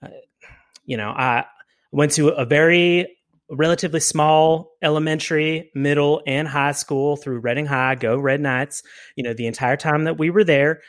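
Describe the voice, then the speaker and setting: A man with a Southern American accent, a guest in an improvised comedy interview, talking in a gracious, stammering, animated way. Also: a little high, moderate pace.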